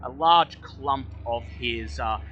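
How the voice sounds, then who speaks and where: A man running a tabletop game as game master, narrating the scene slowly and in detail. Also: mid-range voice, lo-fi sound, slight background noise. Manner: slow, descriptive scene narration.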